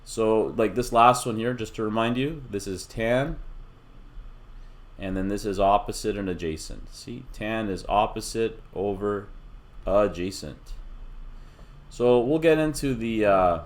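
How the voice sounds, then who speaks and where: Patient, low-voiced male math instructor. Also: a little slow. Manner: patient, explains step by step with casual asides. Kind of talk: recorded math lecture.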